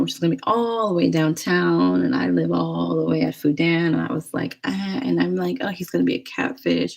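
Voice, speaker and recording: A woman's voice: sits low, mellow, slightly rough, low-quality recording. A young woman vlogger telling a dating story in a chatty, rambling way, full of "like". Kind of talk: casual storytelling.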